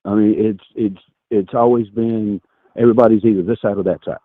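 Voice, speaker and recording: A man calling in to a political debate, talking hesitantly and halting over his words. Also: fairly low pitch, steady tone, no echo. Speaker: caller. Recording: tinny phone line.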